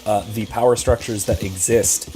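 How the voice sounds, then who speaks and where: A man's voice: fairly low pitch, steady tone, moderate pace, music in the background. A man who is a philosophy professor, chatting casually and hesitantly while playing a game. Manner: rambling, hesitant, thoughtful. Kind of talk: casual chat while gaming.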